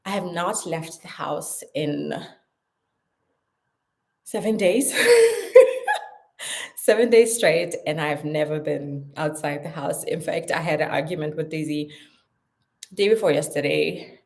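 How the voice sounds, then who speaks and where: A young woman with a South African accent chatting casually to camera at home in an animated, playful way. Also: sits low, a little slow, gravelly. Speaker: vlogger. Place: her home.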